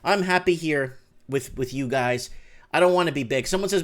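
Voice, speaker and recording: A man hosting a live call-in show from his home, talking in an animated rant that swings between low mutters and loud outbursts. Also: a little fast, smooth. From Canada. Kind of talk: excited casual live-stream rant. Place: home room with window open.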